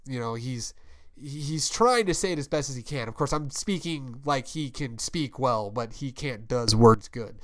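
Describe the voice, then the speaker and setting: A man co-hosting a podcast in loose, rambling casual chat, cursing often and laughing as he pitches a story. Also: normal speed, a bit bright. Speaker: podcast co-host.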